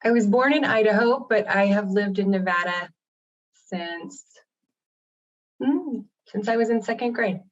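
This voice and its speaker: A woman's voice: medium pitch, a little slow. Woman art teacher, mid voice, plain way of talking, muffled lo-fi sound. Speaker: high school art teacher, panel guest. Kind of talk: casual panel chat. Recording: dull lo-fi audio.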